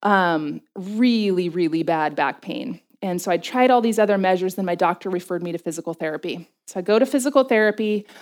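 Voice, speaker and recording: A middle-aged woman giving a faith talk to a group, telling animated personal stories with quick asides and laughing at herself. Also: medium pitch. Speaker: speaker addressing a group.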